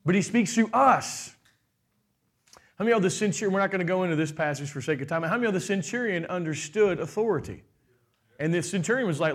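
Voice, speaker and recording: A middle-aged man preaching a sermon with animated delivery, putting on quoted voices and asking the congregation questions. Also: sits high, quick pace. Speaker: pastor.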